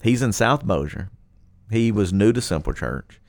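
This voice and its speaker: Pastor guy, lowish voice, dry close sound, tells stories w lots of laughs. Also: normal speed, no echo. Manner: animated, laughs often, acts out quotes. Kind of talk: casual podcast storytelling.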